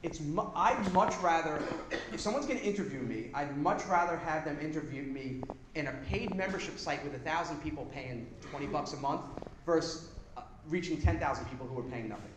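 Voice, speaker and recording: A man giving a live workshop talk to an audience, casual, energetic and blunt, now and then swearing. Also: fairly high pitch, brisk. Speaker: seminar presenter. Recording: echoey room with background noise.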